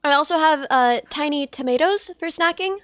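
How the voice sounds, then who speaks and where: A woman with a high voice hosts a casual livestream, tossing in playful, teasing remarks. Her sound is dry and close. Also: moderate pace, a bit bright, dry recording. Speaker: streamer host.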